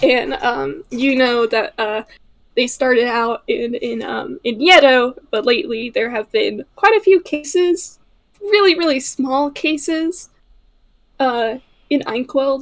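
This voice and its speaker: A woman narrating her character in a casual tabletop role-play, hesitant and full of fillers. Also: on the high side.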